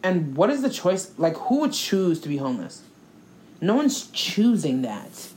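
Young woman, casual co-host chat, blunt, sarcastic, profane, low voice, faint hiss. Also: big pitch swings, unhurried, darkish tone.

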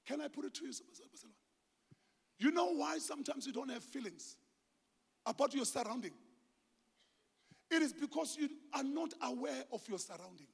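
A South African man preaching a sermon as pastor, passionate and swinging between hushed and shouted delivery, slipping in Zulu phrases. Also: very high-pitched, gravelly. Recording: long hall reverb.

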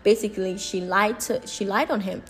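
Woman teaching a lively Bible study. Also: mid-range voice, normal speed. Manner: expressive, animated paraphrasing of scripture.

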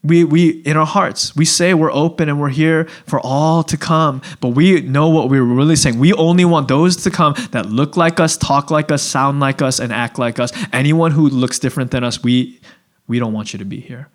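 A male pastor preaching a sermon in a relaxed, conversational way, acting out little voices and asides. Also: fairly high pitch, normal speed. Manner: conversational, animated, acts out voices.

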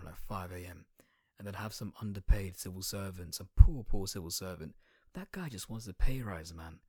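Low, husky young guy ranting sarcastically. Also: no room sound, clean studio sound. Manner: sarcastic, crude, rambling, slangy. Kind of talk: satirical comedic rant.

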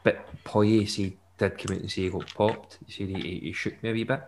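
A man's voice: lowish voice, fairly even intonation, fairly quick, vocal fry, slight background noise. A young man, chatting casually and jokily on a podcast. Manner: chatty, jokey, with bursts of laughter. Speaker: podcast co-host. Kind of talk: casual chat.

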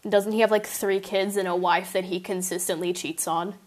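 Young female podcast host, giggly and gushing, full of fillers and quick apologies. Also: fairly low pitch, steady tone. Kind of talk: casual chat.

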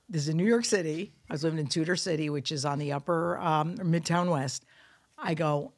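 A woman's voice: sits low, a little fast. A middle-aged woman comedian hosting a podcast, telling stories in a casual, profane way and acting out quotes. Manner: animated, profane storytelling with acted-out quotes.

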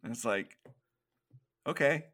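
A man co-hosting a podcast, casually recapping film scenes and acting out quick quotes in between laughs. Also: mid-range voice, animated, fairly bright tone. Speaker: podcast co-host. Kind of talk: casual movie recap chat.

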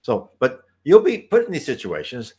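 A man hosting a talk that answers viewer questions, speaking in a relaxed, rambling way, restarting sentences and clearing his throat. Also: mid-range voice, normal speed. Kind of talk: casual spoken advice talk.

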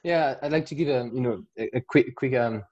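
A man from the south of France with a French accent, a guest in a casual podcast interview, speaking thoughtfully and haltingly with many fillers. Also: medium pitch, darkish tone, highs cut off. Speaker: guest, coach and startup founder.

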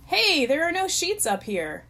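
A woman reading a storybook aloud, voicing a timid, unhappy boy at summer camp, in a higher voice than her narration. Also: very animated, measured pace, pushed and bright, exaggerated voice. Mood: glum. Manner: timid, glum.

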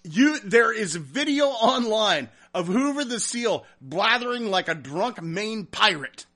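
A man hosting a casual podcast, reading listener comments and telling a story in a profane, animated way. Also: high-pitched, unhurried. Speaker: podcast host.

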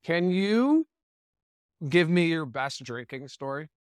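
Male podcast host, slightly high voice, dry close mic, casual back-and-forth. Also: very animated, slow pace, smooth, no room sound. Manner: short encouraging reactions, laughs along. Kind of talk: casual interview chat.

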